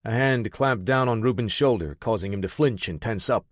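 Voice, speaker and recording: A man narrating an audiobook thriller in a steady, measured way. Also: on the low side, no echo, clean studio sound.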